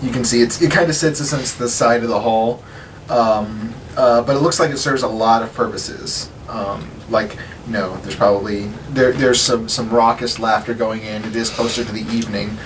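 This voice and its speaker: A man's voice: medium pitch, steady tone, normal speed. A man running a tabletop game as dungeon master, narrating loosely with many fillers. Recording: distant mic with background hiss.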